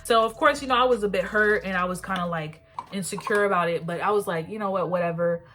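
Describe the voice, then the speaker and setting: A woman's voice: medium pitch, fast talker. A woman in her twenties telling a casual storytime as a beauty vlogger, chatty and slangy, with lots of "like". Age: 20s. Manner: chatty, peppered with "like", slangy and animated.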